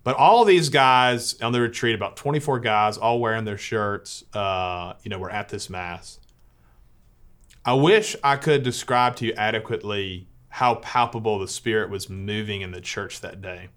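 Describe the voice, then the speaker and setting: A man's voice: fairly low pitch, normal speed, a bit bright. A Catholic priest telling a personal story to listeners in an earnest way, often restarting as he searches for words.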